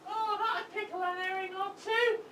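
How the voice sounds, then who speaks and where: A woman playing a pushy London street urchin with a put-on Cockney accent in an improvised stage comedy, calling out loud, drawn-out hawker's cries. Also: extremely high pitch, steady tone. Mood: hawking. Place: fringe theatre stage. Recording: echoey live stage from far off, noisy.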